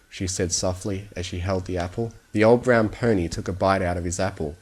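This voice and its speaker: A man with a somewhat low voice reading a story aloud for sleep. His delivery is calm and steady, made for lulling listeners to rest. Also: a little fast. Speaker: fan fiction reader.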